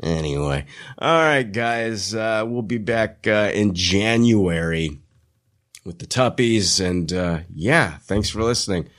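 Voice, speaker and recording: A man's voice: lowish voice, lively intonation, slow pace, a bit bright. A man hosting a podcast, teasing a guest in profane, mock-indignant banter and laughing often. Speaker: podcast host.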